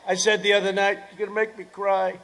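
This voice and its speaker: A man in his seventies speaks at a political rally, his voice sitting high for a man. He wanders into sarcastic asides, circles back and repeats himself, then suddenly shouts his lines out. A faint murmur of ambience sits behind him. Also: flat delivery, fast, background noise. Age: 70s. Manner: bursts into shouting. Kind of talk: rally speech.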